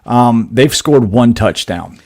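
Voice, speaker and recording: A man's voice: medium pitch, expressive, slow pace, a little mellow, a little hiss or hum. A man co-hosting a casual sports podcast, talking through a matchup with frequent ums and restarts. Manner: hesitant, lots of fillers, builds an argument. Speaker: podcast co-host.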